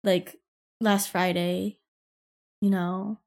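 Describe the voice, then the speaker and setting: A man's voice: high voice, flat delivery, very slow, vocal fry, a little mellow, exaggerated voice. A woman doing an evasive, hedging male coworker.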